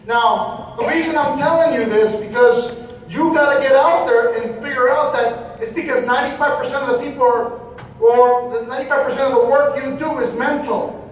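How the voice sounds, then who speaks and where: A man giving a motivational seminar talk, preachy and repetitive, firing questions at the audience. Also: extremely high pitch. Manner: preachy, repeats phrases, asks the audience questions. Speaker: motivational speaker. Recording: echoey hall, voice from far off, faint noise.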